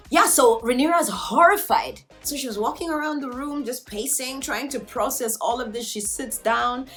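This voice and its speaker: An animated woman recaps a TV episode in a casual vlog, full of slang and jokes. Her voice is bright and forward. Faint music plays softly behind her. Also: high-pitched, normal speed, few pauses. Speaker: TV show reviewer.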